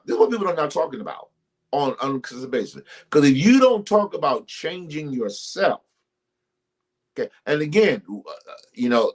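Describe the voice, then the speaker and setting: Greeting commenters by name, a man leads a ministry live stream with casual relationship advice for his viewers. His delivery is emphatic and preacher-like with lots of repetition, and his pitch jumps suddenly.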